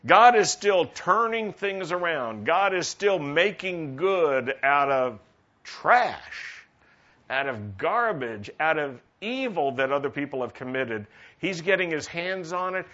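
A male pastor preaches a sermon, stopping often to put questions to his congregation. His voice is bright and forward. The recording sounds dull and lo-fi. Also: fairly high pitch, expressive, slow.

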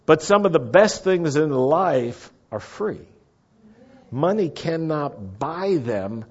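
A man preaching a sermon, moving between quiet reflective lines and sudden loud exclamations. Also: a little high, expressive, takes it slowly, slightly rough, dull audio. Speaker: pastor.

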